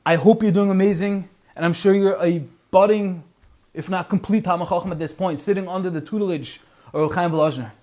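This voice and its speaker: A man's voice: high-pitched, steady tone, a little fast, a little mellow, pitched above the performer's own voice, natural voice. A man reading as a desperate mother pleading. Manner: pleading, letter-reading delivery. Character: desperate widowed mother writing to her son.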